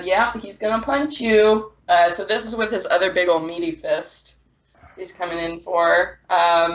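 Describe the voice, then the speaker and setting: A woman running a tabletop game as game master, chatty and often laughing. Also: fairly low pitch. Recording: dull lo-fi podcast audio.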